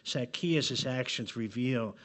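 A man's voice: mid-range voice, takes it slowly, fairly bright tone. Earnest preacher man with falling cadences. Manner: earnest, pleading, with dramatic drops in volume at phrase ends. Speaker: pastor. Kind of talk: sermon. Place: church sanctuary.

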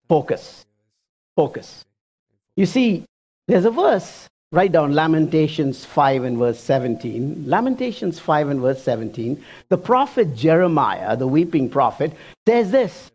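Lively preacher in a lo-fi recording. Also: mid-range voice, husky. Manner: animated preacher, addresses the congregation directly with questions. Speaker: pastor. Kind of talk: sermon.

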